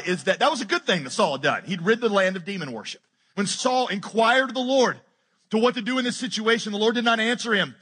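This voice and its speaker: A man preaching a sermon as pastor, animated and joking as he retells a scripture story. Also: high-pitched, husky. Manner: animated, jokey retelling with acted-out quotes.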